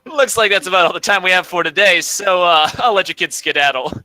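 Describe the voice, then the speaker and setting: A man's voice: high-pitched, fairly quick, pushed and bright, no echo, pitched above the performer's own voice. Man doing a chirpy, dismissive teacher. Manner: exclamatory and abrupt. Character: overeager male teacher, brisk and dismissive.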